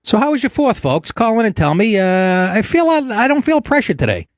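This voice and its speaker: A man's voice: high voice, big pitch swings, fairly quick, no echo, studio quality. A man hosting a talk show, telling stories in a casual, sarcastic and profane way and putting on voices when he quotes people. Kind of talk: casual comedic monologue.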